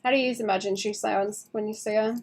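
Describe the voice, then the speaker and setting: A young woman streamer chatting casually and rambling while she draws, sleepy and quick to laugh. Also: mid-range voice, steady tone. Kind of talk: casual chat while drawing.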